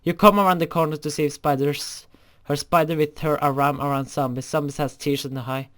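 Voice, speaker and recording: A man's voice: on the high side, steady tone, fairly quick, fairly bright tone. A young man reading a fan story aloud, often stumbling over words and correcting himself.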